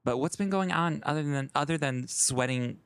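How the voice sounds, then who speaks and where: A man's voice: a little high, moderate pace, smooth, no echo. A man co-hosting a podcast in casual, playful chat, laughing often. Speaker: podcast co-host. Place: studio in New York City.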